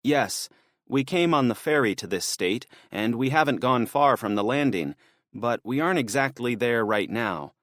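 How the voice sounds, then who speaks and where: A man's voice: medium pitch, animated, normal speed, fairly bright tone, no echo, studio quality, pitched above the performer's own voice, lightly acted. A man reading an audiobook, voicing an anxious, eager young man who talks to his father on the phone while driving. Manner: eager, pleading, voice tight with worry.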